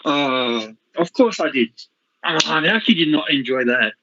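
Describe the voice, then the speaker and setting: A man calling into a radio show, excited and upbeat. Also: on the high side, normal speed. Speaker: caller. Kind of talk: casual phone-in chat. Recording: noisy dull phone line.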